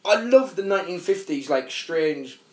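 A man's voice: high voice, normal speed. A tired man co-hosting a comedy podcast, joking and swearing in casual banter. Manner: jokey, animated, swears freely, does silly voices. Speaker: podcast co-host. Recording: echoey room.

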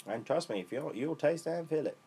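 A young British man co-hosting a casual podcast, rambling and swearing freely, his voice worn lower from smoking. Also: lively intonation, a little fast, warm tone, slightly rough. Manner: rambling, swears freely, laid-back stoner talk. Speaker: podcast co-host. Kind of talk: casual chat.

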